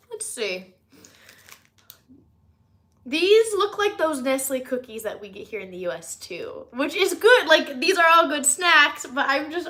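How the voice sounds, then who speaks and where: Bright, high-voiced chatty American woman. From United States. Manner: rambling, chatty, with many likes and ums. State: slightly nasal from recent illness. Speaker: vlogger tasting snacks. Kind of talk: casual chat to camera.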